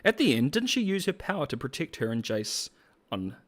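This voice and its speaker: A man with a Cockney accent giving casual, rambling commentary as a host, full of restarts and quick laughs. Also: a little high, big pitch swings, fairly bright tone. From England.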